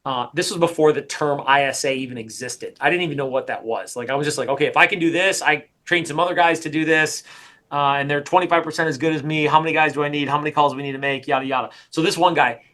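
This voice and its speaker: Energetic bright-voiced male sales coach. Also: fairly high pitch, quick pace. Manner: energetic, emphatic, repetitive. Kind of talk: coaching session.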